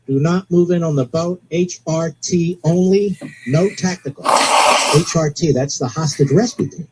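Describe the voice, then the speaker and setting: Excitable man ranting on talk radio. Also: on the high side, unhurried, very noisy. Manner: excitable, ranting, relays a police scanner. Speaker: radio talk show host. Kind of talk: live talk radio commentary.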